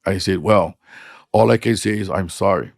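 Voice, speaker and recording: A man's voice: deep voice, normal speed, vocal fry, no room sound, studio quality. A middle-aged man with a Hawaiian accent, a hula teacher telling stories in casual, frank, blunt talk. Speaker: podcast guest, hula teacher. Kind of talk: casual storytelling.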